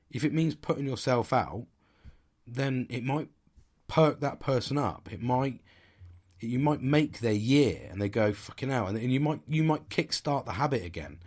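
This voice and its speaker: A middle-aged man, talking in a blunt, sweary, rambling but earnest way in a casual motivational monologue as a podcast host. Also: lowish voice.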